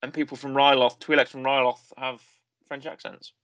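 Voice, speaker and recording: A man talks through a review in a loose, rambling way, full of fillers and restarts. His pitch sits in a middle range. The sound is dry and close. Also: flat delivery, moderate pace, fairly bright tone, no room sound, dull audio. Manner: rambling, self-correcting, lots of fillers. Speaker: podcast host reviewing a series. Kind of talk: casual conversational review.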